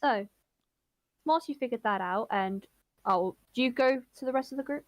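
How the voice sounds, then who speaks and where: A woman's voice: on the high side, moderate pace, no room sound. A woman running a tabletop game as game master, narrating scenes and voicing the characters lightly.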